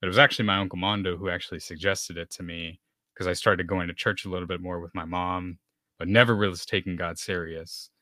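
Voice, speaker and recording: Man from texas, deep voice, bright forceful tone, chatty storytelling, lots of fillers, dry close sound. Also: fairly even intonation, quick pace, dry recording. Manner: storytelling with many fillers, acts out dialogue. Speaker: podcast guest. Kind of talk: personal testimony in conversation.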